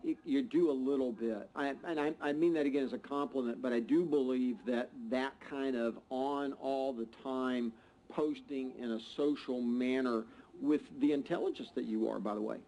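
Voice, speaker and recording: A man hosting a panel talk, speaking haltingly with stammered restarts as he works out his questions. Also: medium pitch, steady tone, warm tone, poor audio. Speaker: panel host.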